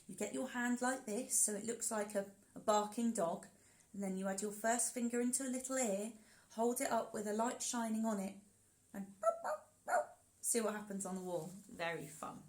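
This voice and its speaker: A woman leads an interactive storytelling session for children, animated and encouraging. Her voice sits fairly high and swings widely in pitch. She keeps turning to speak directly to the children. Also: rough recording. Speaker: storyteller and workshop leader.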